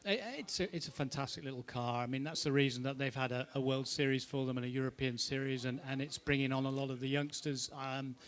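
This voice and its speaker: English man, rally guest, rowdy storyteller, mid-pitched voice. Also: level tone, fast talker, hardly any pauses. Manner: boisterous, swearing, storytelling. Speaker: rally driver panel guest. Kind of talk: lively anecdotal panel talk.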